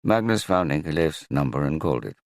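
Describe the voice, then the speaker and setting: A man reading a novel aloud in a measured, even manner. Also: extremely low pitch, vocal fry, dry recording, studio quality. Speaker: audiobook narrator. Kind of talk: scripted narration.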